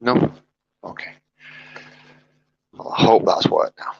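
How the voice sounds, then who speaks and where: A man's voice: slow, no echo, highs cut off. A man chatting casually on a live stream while he sets up his hobby gear, muttering to himself as he fiddles with things, on a wired headset. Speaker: streamer painting miniatures.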